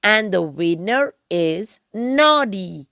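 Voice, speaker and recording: A woman voicing a pompous toy policeman who booms his announcements in a storybook. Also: expressive, slow, fairly bright tone, clean tone, no echo. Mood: booming. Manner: booming, official.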